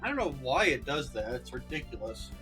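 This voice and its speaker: A man joining a casual gaming stream as a player, excitable and quick with quips. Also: mid-range voice, breathy edge, soft background music. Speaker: guest player.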